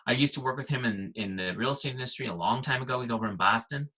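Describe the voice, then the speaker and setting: A middle-aged man with a bright, forceful tone and a slightly husky edge, leading a software walkthrough on a team call. He talks in short, punchy bursts and keeps checking in with his listeners. His pitch sits at an ordinary middle for a man. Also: fast talker, low-quality recording. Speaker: guest trainer.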